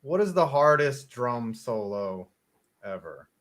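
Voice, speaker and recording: Lively man reacting on a video call. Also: mid-range voice, slow. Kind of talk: casual panel chat.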